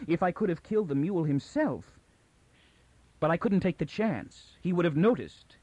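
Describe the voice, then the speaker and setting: A man's voice: on the high side, lively intonation, moderate pace, a little mellow, breathy edge, dry recording, dull audio, voice pushed up. A man voicing a tense, frightened young woman. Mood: urgent, tense. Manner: urgent, rising, near hysterical. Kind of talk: audiobook character reading.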